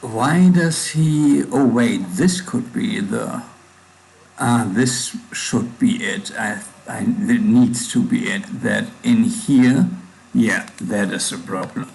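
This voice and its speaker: A man's voice: fairly low pitch, fairly even intonation, takes it slowly, creaky, a little mellow, low-quality recording. A man with a German accent, casually thinking aloud while coding on a livestream, with hard consonants. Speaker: livestreaming programmer.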